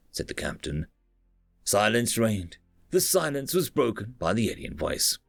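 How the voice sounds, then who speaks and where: Guy narrating a sci-fi story, lively pitch, dry close sound, faint music behind. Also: moderate pace, vocal fry, no room sound. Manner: low, quiet dialogue tags.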